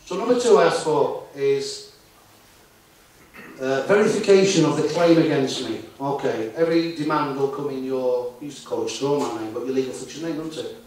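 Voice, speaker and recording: A man's voice: medium pitch, moderate pace, a little mellow, slight background noise. A man giving a talk to a live conference audience, chatty and tossing tag questions at the room. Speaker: conference speaker. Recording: very echoey hall, voice far from mic.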